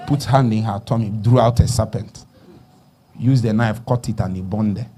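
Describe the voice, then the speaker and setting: Nigerian preacher, hushed to loud. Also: male voice, fairly low pitch, moderate pace, husky. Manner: swings from hushed murmurs to loud exhortation; call-and-response questions to the congregation. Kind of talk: sermon.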